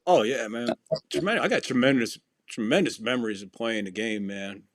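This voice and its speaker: A man's voice: medium pitch, normal speed. A man hosting a podcast, telling stories casually with lots of swearing and acted-out quotes. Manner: profane, animated storyteller acting out quotes. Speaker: podcast host. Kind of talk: casual storytelling chat.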